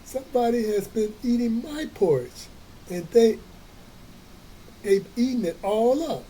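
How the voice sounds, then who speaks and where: Man doing a squeaky tiny bear cub. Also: animated, unhurried, dark tone, a little hiss or hum, poor audio. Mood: whiny. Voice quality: squeaky, high.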